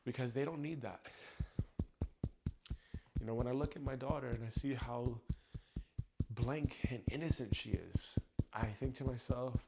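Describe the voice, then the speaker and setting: A man, a tapping coach, talking through his anger in a raw, profane personal monologue that swings from ranting to quiet reflection. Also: mid-range voice, creaky.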